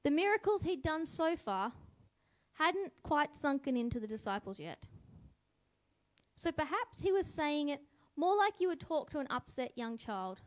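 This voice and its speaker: A woman's voice: sits high, normal speed. A woman giving a reflective spoken devotional, musing and asking the listener questions. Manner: musing, asks listeners questions, lively voice for quotes. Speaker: devotional speaker.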